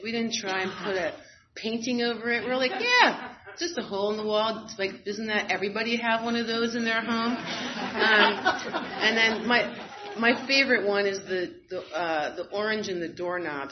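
A woman in the middle of her voice recounts her own story with frank, wry candor and easy fillers. The audio is a bit dull and muffled, with a faint hiss beneath her. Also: mid-range voice. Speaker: guest sharing a personal story. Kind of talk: candid personal storytelling.

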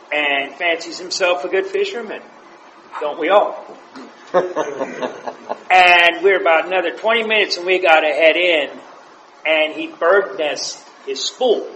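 A man's voice: a little high, bright, forceful tone. Man sharing stories in an echoey room. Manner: anecdotal, chuckles through his stories. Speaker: meeting member sharing. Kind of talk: casual storytelling share. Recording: echoey room with faint noise.

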